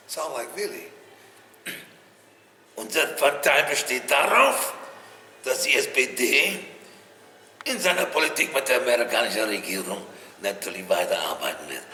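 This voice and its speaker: A man's voice: mid-range voice, sharp tone. An older man from the United States, telling stories animatedly in an interview with many restarts. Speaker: interviewee, entertainer. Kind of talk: conversational interview. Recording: echoey room with faint noise.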